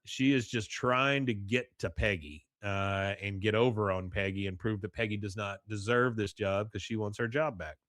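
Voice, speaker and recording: A man's voice: lowish voice, moderate pace, few pauses, no room sound. Guy host retelling an episode on a podcast, dry close mic, laughs a lot. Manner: animated retelling, reads out quotes with laughs. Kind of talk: casual chat recapping an episode.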